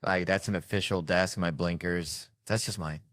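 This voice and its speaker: Guy doing stand-up, rambling musing bit, lowish voice, dry close sound. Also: fairly even intonation, normal speed, fairly bright tone, dry recording. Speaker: stand-up comedian. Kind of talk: stand-up storytelling.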